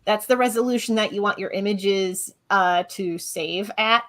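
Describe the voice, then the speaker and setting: A woman's voice: medium pitch, moderate pace, fairly bright tone. A woman comic artist on a casual livestream, adding friendly explanations and frequent agreement.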